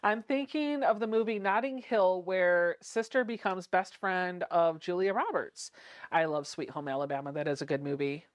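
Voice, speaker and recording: A woman's voice: on the low side, normal speed, no echo. A woman in her thirties hosting a chatty livestream from her home sewing room, giggling often and reading viewer comments aloud. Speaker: livestream host.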